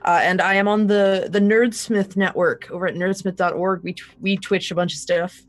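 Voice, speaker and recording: A woman's voice: medium pitch, steady tone, normal speed. A woman casually introducing herself and her character before a tabletop game, friendly with wry asides. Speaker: player.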